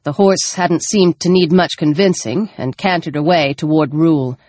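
A woman narrating an audiobook, expressive, her voice rising in the tense action scenes. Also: low-pitched, normal speed, no echo. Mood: calm. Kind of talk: scripted narration.

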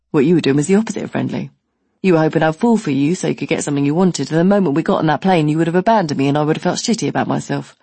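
A woman plays a blunt young man, lecturing in a calm, deliberate way. The voice sits low and slightly husky, close and dry. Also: no echo, heavily acted. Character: blunt, plain-spoken young man in a queue.

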